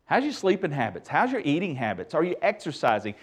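A middle-aged man preaching a sermon as pastor, emphatic and lively with touches of humor. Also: fairly high pitch, fast, husky.

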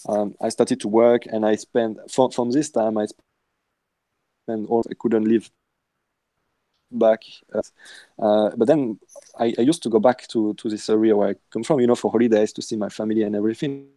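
A man from France with a strong French accent, speaking English as a second language as a guest, halting and searching for words. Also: on the low side, steady tone, mellow, dry recording, poor audio. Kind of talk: casual interview.

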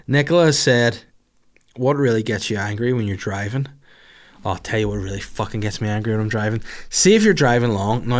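A man hosting a podcast in casual comedic chat, reading out listener questions with crude, sarcastic humour and frequent swearing. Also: on the low side. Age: older than the others, adult.

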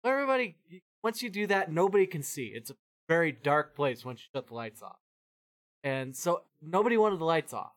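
Man, somewhat high voice, casual storytelling chat, rambling, animated, swears freely. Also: brisk. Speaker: podcast host.

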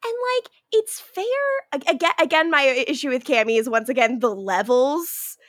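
A woman's voice: high-pitched, normal speed, dry recording, clean studio sound. A woman co-hosting a podcast, chatting casually about a TV episode and acting out the characters' lines with lots of laughter. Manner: animated, acts out characters' lines in quotes, laughs often. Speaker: podcast co-host. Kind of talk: casual chat recapping a TV episode.

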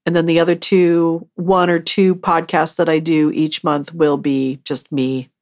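A woman's voice: sits low, little pitch movement, unhurried, a little mellow. A woman hosting her podcast, talking on her own in a rambling, chatty and self-mocking way. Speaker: podcast host. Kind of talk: casual solo podcast monologue.

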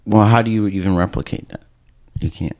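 A man's voice: on the low side, fairly quick, a little mellow. A young man co-hosting a podcast in casual chat, dropping dry, wry asides. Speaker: podcast co-host.

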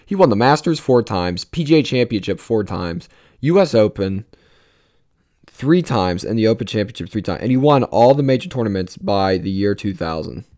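A man's voice: lowish voice, animated, moderate pace, a little mellow. A young man hosting a casual solo podcast, rambling and swearing freely, with many restarts. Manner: rambling, profane, restarts a lot. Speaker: podcast host.

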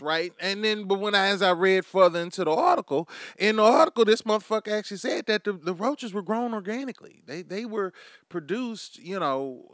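A man's voice: high-pitched, animated, brisk, a bit bright, dry recording, studio quality. A man hosting a comedy monologue, brash and crude, riffing with mock asides to an imagined crowd. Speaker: comedy podcast host.

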